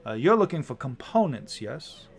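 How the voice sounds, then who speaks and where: A man's voice: mid-range voice, sing-song, moderate pace, gravelly. A man voicing a sly, polite male shopkeeper who hedges and stalls. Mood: evasive. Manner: hesitant, hedging, overly courteous.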